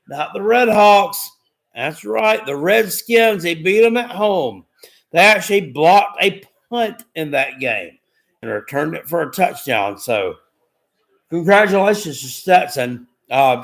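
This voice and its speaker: A man hosting a live stream, asking trivia questions in a casual, excitable way, swearing now and then and often repeating himself. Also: on the high side, unhurried, vocal fry. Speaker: livestream host.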